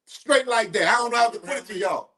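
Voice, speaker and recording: A man's voice: extremely high pitch, fast talker, pushed and bright. A man co-hosting a podcast, giving blunt, profane opinions in casual street talk. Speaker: podcast co-host.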